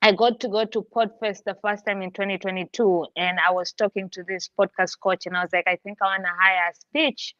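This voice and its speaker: A woman's voice: mid-range voice, steady tone, brisk, few pauses, sharp tone, dry recording. Woman w mixed accent on a podcast panel, blunt, swears a lot, dry slightly dull audio. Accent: mixed international accent. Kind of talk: casual panel chat.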